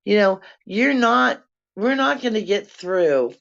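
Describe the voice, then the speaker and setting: Older vlogger, profane rambling rant, mid-pitched, lo-fi apartment recording. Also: animated, takes it slowly, gravelly, fairly bright tone. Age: 60s. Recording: dull lo-fi sound.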